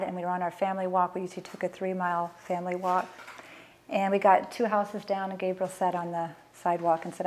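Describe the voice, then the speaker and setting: A middle-aged woman, a mother, telling her family's story in an earnest, emotional way and acting out past conversations. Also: on the low side. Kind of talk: personal storytelling.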